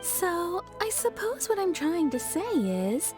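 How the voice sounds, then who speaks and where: A frank, cheerful townswoman in a game, chatty and amused as she tells a story. Her voice is high and lively. Game music plays behind her. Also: slow, exaggerated voice. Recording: game dialogue over music.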